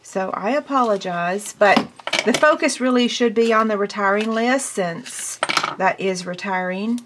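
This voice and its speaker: An American woman demonstrating a card craft, chatting away as she works with an excited, bubbly manner. Her voice sits at an ordinary middle pitch. Clicks and the clatter of dishes are clearly heard behind her. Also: unhurried, background noise. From United States. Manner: chatty and excitable, talks while working. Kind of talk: hands-on crafting tutorial.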